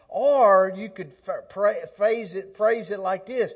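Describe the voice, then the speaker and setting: A man's voice: high voice, a little slow, hardly any pauses. A man preaching a sermon in a conversational way, stumbling and restarting, then building to emphatic peaks. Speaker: pastor. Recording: slightly dull lo-fi sound.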